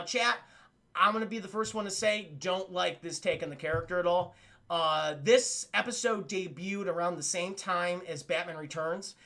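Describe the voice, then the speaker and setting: A man's voice: sits high, bright, forceful tone. A man streaming a cartoon review, rambling and swearing casually while talking to his chat. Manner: profane, rambling, keeps addressing the chat. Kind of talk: casual live-stream commentary.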